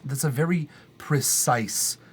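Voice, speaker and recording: A man's voice: medium pitch, slow pace, husky. A man from Montreal hosting a live music feedback stream, chatting casually, reading chat aloud, swearing and laughing often. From Montreal, Canada. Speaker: livestream host reviewing music. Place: home studio.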